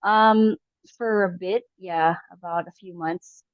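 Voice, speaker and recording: A woman's voice: on the low side, fairly even intonation, slow pace, dry recording. A woman casually telling a personal story on a podcast, with many fillers and restarts. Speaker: podcast guest. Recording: dull lo-fi audio.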